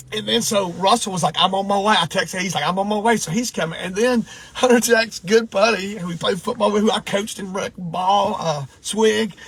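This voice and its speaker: A man's voice: sits high, a bit bright, slightly rough. A middle-aged man from Georgia, telling a hunting story in a rambling, choked-up way. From Georgia, USA. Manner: rambling, restarts and repeats himself, choked up. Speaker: deer hunter. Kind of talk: emotional storytelling vlog.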